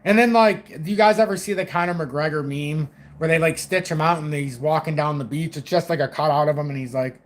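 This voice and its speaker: A man's voice: a little high, brisk, few pauses. A young man giving loose, rambling, profane crypto market commentary on his own stream.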